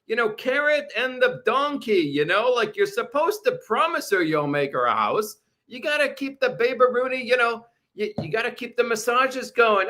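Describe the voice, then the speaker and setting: A man's voice: very high voice, very animated, moderate pace, few pauses, sharp tone. A man from Canada talking casually to viewers, ranting with a lot of profanity and repeating himself. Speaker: vlogger. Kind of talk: casual livestream rant.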